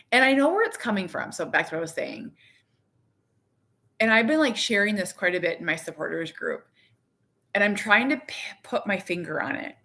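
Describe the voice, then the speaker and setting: A woman in her thirties chatting casually to her viewers from her living room, rambling and animated, with lots of "like". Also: mid-range voice. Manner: rambling, heavy use of "like"; candid, animated. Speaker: vlogger, parent.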